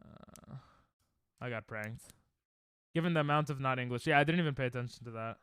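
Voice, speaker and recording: A young man streaming a game, chatting casually and reacting excitably to chat on a headset mic. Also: medium pitch, a little fast, smooth, no room sound, studio quality. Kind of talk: casual live-stream chatter while gaming.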